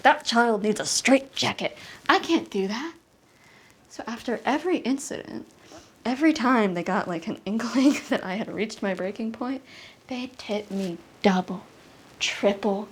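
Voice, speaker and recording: A young woman doing solo stand-up comedy at home, telling a story in an animated way that jumps to high shrieks when she acts out scenes. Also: breathy edge. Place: apartment.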